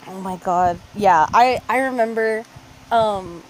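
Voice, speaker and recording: A woman's voice: mid-range voice, takes it slowly, a little hiss or hum. A woman co-hosting a podcast in casual chat, swearing freely, laughing often and acting out the people in her stories. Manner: profane, laughing storyteller who acts out voices. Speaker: podcast co-host.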